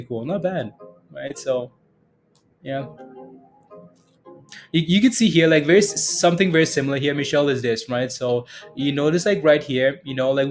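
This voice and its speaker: A man hosting a casual day-trading livestream, talking through charts and answering chat questions, rambling with frequent chuckles and fillers. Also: medium pitch.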